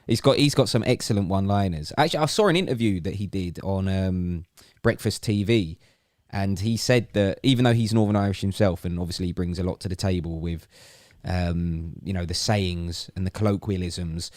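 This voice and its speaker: A man co-hosting a casual podcast chat, rambling and animated, often repeating words as he gets going. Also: sits low, a little fast, dry recording, studio quality. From United Kingdom. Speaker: podcast co-host. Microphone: studio podcast mic.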